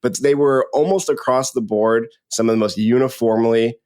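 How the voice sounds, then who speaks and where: A man's voice: medium pitch, steady tone, normal speed, a little mellow. Playful man co-hosting a podcast. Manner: playful, candid, conversational. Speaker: podcast co-host. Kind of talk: casual podcast chat.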